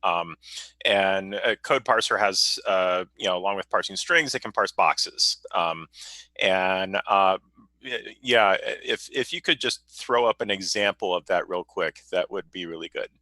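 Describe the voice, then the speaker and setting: A man, a software developer, explaining a technical problem in a meeting, hesitant and full of fillers. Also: deep voice, a little slow, dry recording, low-quality recording. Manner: hesitant, many fillers and restarts.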